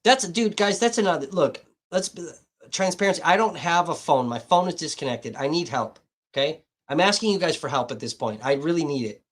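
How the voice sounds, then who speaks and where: A man's voice: a little high, animated, fairly quick. Profane rambling male livestreamer. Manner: profane, rambling, talking to chat viewers. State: hot and dehydrated. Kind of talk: casual livestream chat.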